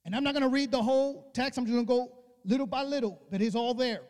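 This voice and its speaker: A male preacher giving an emphatic, colloquial sermon, acting out dialogue and rising to shouts. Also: very high-pitched, quick pace. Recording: long reverb of a church hall.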